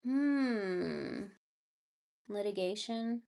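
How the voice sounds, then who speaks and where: A woman's voice: medium pitch, expressive, drawn-out words, gravelly, mellow. A woman giving a live tarot reading, chatting casually with her viewers. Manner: baby talk to her cat. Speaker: tarot reader.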